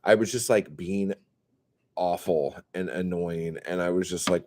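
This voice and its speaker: A man casually telling a profane, self-mocking story on a live stream, swinging between loud outbursts and mumbles. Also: deep voice, a little slow. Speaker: comedian hosting a live stream.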